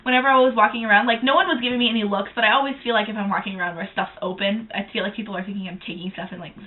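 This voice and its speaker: A young woman chatting casually as co-host of a vlog, telling stories quickly with slang and laughter. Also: mid-range voice, steady tone. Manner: rapid, breathless storytelling with slang and laughs. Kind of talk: casual chat. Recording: tinny phone-like audio.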